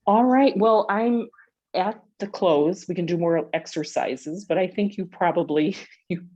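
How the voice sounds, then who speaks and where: Upbeat lower-voiced woman instructor, chatty, laughs easily, muffled video-call audio. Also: unhurried, warm tone. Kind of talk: leading a group laughter exercise over video.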